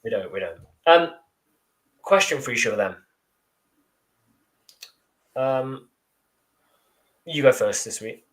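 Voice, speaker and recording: A man co-hosting a live football fan show, chatting casually with dry, deadpan jokes and reading out viewer comments. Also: mid-range voice, slow pace, pauses often. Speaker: podcast co-host.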